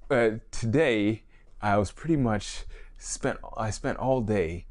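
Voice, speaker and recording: A man with a fairly low voice talks through his solo podcast in a loose, rambling way. He restarts sentences, corrects himself and chuckles as he goes. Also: slow pace. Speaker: podcast host, fitness trainer. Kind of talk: casual solo podcast monologue.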